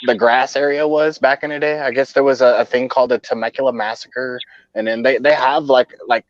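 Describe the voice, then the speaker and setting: Halting man in dry, dull audio. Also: mid-range voice, fairly even intonation, no echo. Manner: halting, restarts often, casual swearing. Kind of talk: casual livestream chat.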